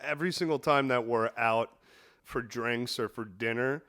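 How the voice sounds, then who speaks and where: A man's voice: mid-range voice, moderate pace, a bit bright. A young man co-hosting a podcast, reading bad jokes aloud and giggling as he goes. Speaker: podcast co-host. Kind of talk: casual podcast banter.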